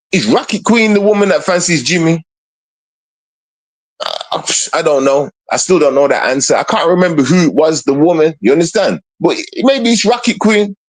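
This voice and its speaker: A man delivers a long livestream rant at a medium pitch. He repeats himself, stumbles over words and keeps firing taunting questions at someone who isn't there. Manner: confrontational, repetitive, taunting rhetorical questions. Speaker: streamer. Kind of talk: ranting livestream monologue.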